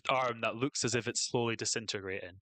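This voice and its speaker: A man narrating a tabletop game as game master, in a relaxed, halting way with many fillers. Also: medium pitch, no room sound.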